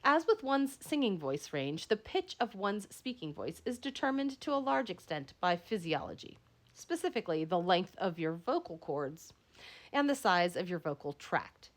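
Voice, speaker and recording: Woman reading a lesson, lively pitch. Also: normal speed. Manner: reads aloud with frequent slips and self-corrections. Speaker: instructor reading a textbook chapter. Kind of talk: lecture read aloud.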